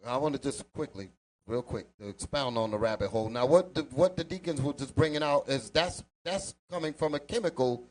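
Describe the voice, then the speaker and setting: A man's voice: mid-range voice, brisk. A man leading a preaching panel, casual and emphatic, acting out quotes as he makes his point.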